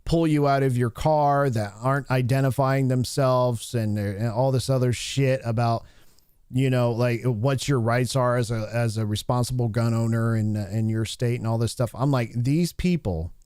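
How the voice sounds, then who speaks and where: A man's voice: mid-range voice, steady tone, moderate pace, darkish tone, clear, resonant tone, no echo, studio quality. Blunt, profane male livestream commentator. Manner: blunt, profane, rambling with many restarts. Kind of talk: opinionated live commentary.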